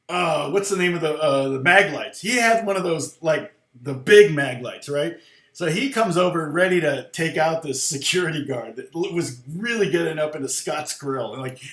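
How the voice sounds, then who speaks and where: A man's voice: on the high side, fairly bright tone. A middle-aged man, a guitar teacher on a live stream, telling a story casually and rambling with many fillers and restarts. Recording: roomy echo.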